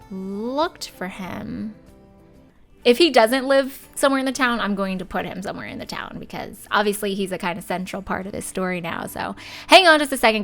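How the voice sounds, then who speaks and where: A woman's voice: mid-range voice, a bit bright. Young woman talking thru a life sim game, chatty, does little voices for her characters. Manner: chatty, voices her sims in quick asides. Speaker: let's play host. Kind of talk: casual gameplay commentary.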